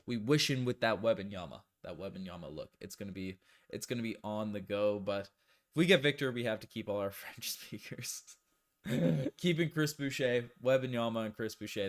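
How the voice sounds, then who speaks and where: A young man, hosting a casual live stream, hyped and joking while he reads out chat messages. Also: mid-range voice.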